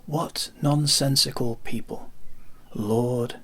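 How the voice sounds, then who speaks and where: A man reading a classic short story aloud in calm, hushed narration that often drops to a half whisper. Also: mid-range voice, slow pace. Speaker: reader.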